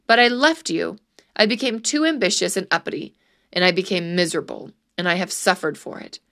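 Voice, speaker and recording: A woman's voice: on the low side, brisk, a bit bright. A woman voicing a frightened, reluctant middle-aged peasant man made governor, pleading and protesting. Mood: weary.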